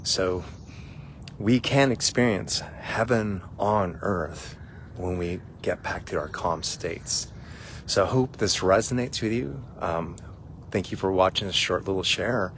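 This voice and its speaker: A man coaching his audience with a calm, reflective story, talking softly and pausing often with fillers. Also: deep voice, slight background noise. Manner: soft, relaxed, reflective, many fillers. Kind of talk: spiritual storytelling talk.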